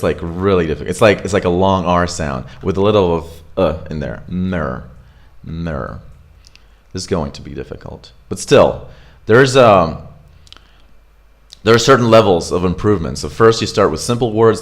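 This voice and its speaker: A deep-voiced man coaches English pronunciation in an online accent class. He slowly says example words again and again, with casual, filler-laden chat in between.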